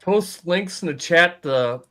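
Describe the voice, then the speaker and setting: A man joins a casual livestream chat, throwing in dry remarks and mock scolding. His voice sits fairly high for a man. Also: lively intonation, slow, sharp tone. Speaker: guest co-host.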